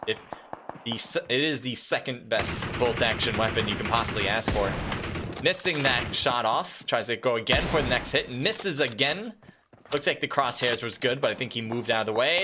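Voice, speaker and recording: A man doing live esports commentary on a mobile battle royale match, calm and explanatory, with loud excited bursts at big plays. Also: mid-range voice, moderate pace, music in the background. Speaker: esports caster.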